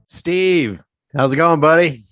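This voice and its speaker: A man from South Central Pennsylvania hosting a casual podcast interview, chatty and quick to laugh. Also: on the high side, fairly bright tone, faint music behind. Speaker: podcast host.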